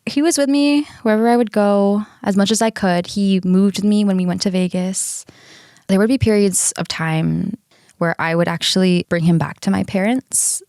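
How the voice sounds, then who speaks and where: A woman's voice: lowish voice, vocal fry, darkish tone, dry recording. Podcast co-host, woman in her thirties, loose chatty storyteller who swears and laughs, dry close sound. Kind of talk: casual storytelling chat.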